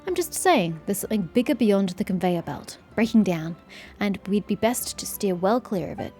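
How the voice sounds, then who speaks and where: A woman's voice: mid-range voice, lively intonation, moderate pace, warm tone, soft background music, close to an everyday voice. A woman voicing a paranoid, conspiracy-minded townsman in a game, insistent and conspiratorial.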